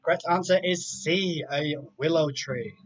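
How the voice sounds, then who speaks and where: A quiz host with a slightly slow, high-side voice runs a live online quiz, reading out multiple-choice options. He chats casually between questions, and the recording sounds dull and lo-fi with faint music.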